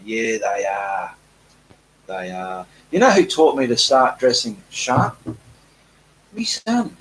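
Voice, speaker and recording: A man's voice: mid-range voice, big pitch swings, slow, fairly bright tone, rough recording. Chatty Australian man hosting a live Q&A. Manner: chatty, self-deprecating, reads comments aloud. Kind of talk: casual live-stream chat, reading viewer comments.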